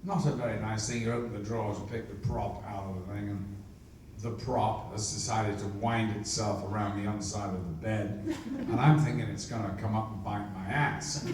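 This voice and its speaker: Older male raconteur, guest at a convention, acts out voices; recorded far off in an echoey hall with faint room noise. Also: on the low side. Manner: lively raconteur who acts out others' lines. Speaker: interview guest, actor. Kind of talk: anecdotal storytelling.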